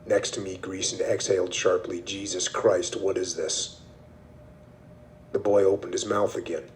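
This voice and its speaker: Deep, flat-voiced male host. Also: a little hiss or hum. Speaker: podcast host. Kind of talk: reading a book excerpt aloud and discussing it.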